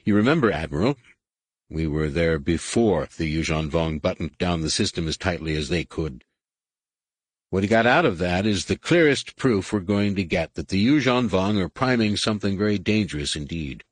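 Audiobook: male narrator as a dry, businesslike pilot colonel, low and husky. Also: expressive, normal speed, dry recording. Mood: dry firm. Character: blunt veteran male pilot officer.

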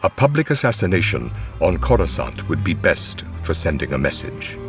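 A man voicing a cold, scheming male alien Sith master in measured, menacing tones. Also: low voice, big pitch swings, creaky, music in the background, heavily acted.

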